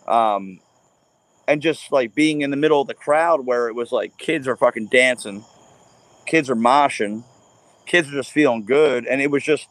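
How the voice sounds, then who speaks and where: A man in his forties, a guest on a casual talk show, telling profane, animated stories. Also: medium pitch, normal speed, no echo. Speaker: podcast guest. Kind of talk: casual chat.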